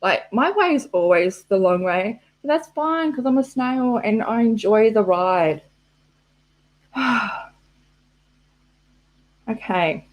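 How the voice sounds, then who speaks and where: A woman chatting on her own live stream in a slow, drawn-out way. She rambles from one story to the next, swears freely and laughs at her own muddles. She is heard through a laptop microphone. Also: a little high, animated. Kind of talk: casual live-stream chat. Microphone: laptop mic.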